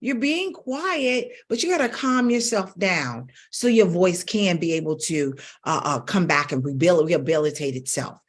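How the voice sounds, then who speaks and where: A woman's voice: lowish voice, expressive, moderate pace, hardly any pauses. A middle-aged woman vocal coach teaching to camera in an emphatic, coaxing way that repeats phrases for stress. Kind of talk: instructional talk to camera.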